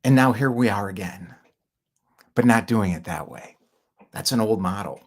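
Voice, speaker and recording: Middle-aged guy rambling through his founder story, gravelly and a bit husky, lowish voice. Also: lively intonation, moderate pace. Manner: rambling and candid, with filler words and short laughs. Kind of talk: casual monologue.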